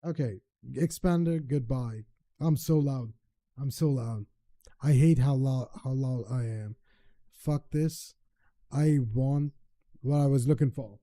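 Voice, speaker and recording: Dark-voiced man muttering during a mic test. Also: mid-range voice, takes it slowly, long pauses. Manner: mutters, repeats himself, swears offhandedly. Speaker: streamer. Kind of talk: casual talk to self while testing audio.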